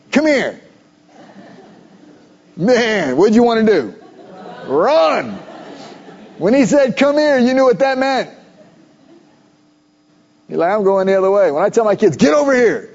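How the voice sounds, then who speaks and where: Pastor, male, middle-aged; high mellow voice, chatty animated sermon, dull lo-fi recording. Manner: conversational, animated preaching with asides.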